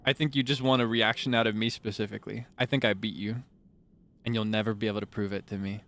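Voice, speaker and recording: A man's voice: lowish voice, fairly even intonation, fast talker, fairly bright tone. A man streaming live, chatting playfully with his viewers, teasing them and sharing bits of trivia. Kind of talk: casual livestream chat with viewers.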